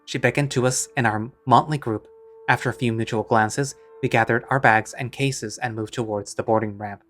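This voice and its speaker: A man's voice: mid-range voice, steady tone, moderate pace, fairly bright tone, faint music behind. A man reading a first-person story aloud in a wry, conversational way.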